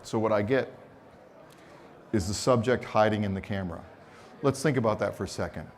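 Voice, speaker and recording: Expressive man giving a photography talk. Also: fairly low pitch, fairly quick. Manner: expressive storyteller, acts out quotes, teasing humor. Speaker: photography seminar speaker. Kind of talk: animated live seminar talk. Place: conference stage.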